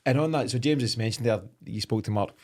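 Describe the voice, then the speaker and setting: A man's voice: medium pitch, fast talker, a little mellow. A man hosting a podcast, prompting his guests for stories in an easygoing way. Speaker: podcast host. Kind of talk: interview chat.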